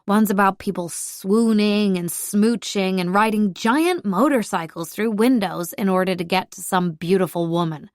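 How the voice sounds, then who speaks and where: A prickly young man grumbles defensively through this audiobook scene, voiced by a woman narrator. His lines come out gruff and a little loud. The sound is dry and close. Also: mid-range voice, moderate pace, few pauses, no echo, natural voice. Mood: grumbling. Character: grumpy young man, prickly rival driving an old truck. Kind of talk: audiobook character voice.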